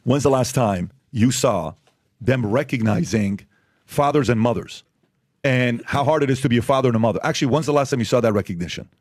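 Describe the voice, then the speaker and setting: A man speaks quickly and insistently in casual podcast talk, piling up rhetorical questions. His voice sits at a middle pitch. The sound is dry and close, with no room echo. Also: darkish tone. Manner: emphatic, repeats rhetorical questions. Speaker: podcast host.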